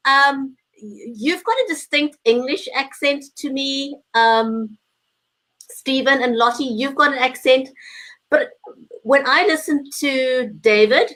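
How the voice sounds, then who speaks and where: Brief: sincere female co-host, a little high-pitched, sharing her experience. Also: takes it slowly, a bit bright, poor audio. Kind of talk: casual live chat. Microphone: video call.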